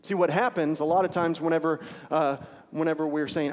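A man's voice: fairly high pitch, moderate pace, hardly any pauses, darkish tone. Man preaching in a reverberant hall. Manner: informal, repeats phrases for emphasis, many restarts. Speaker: pastor. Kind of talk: conversational sermon.

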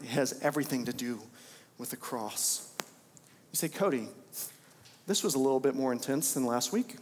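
A man's voice: mid-range voice, a little hiss or hum. A young adult man preaching a sermon as pastor of a church, impassioned and repeating phrases for emphasis. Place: church sanctuary. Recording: church hall reverb.

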